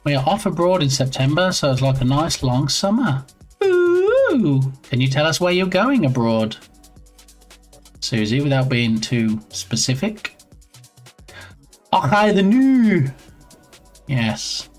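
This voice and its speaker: A chatty male streamer talks casually while working on his game, reading messages aloud in a playful, easygoing way. His voice sits at a middle pitch, and soft music plays faintly behind him. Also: lively intonation, normal speed. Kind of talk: casual live-stream chat.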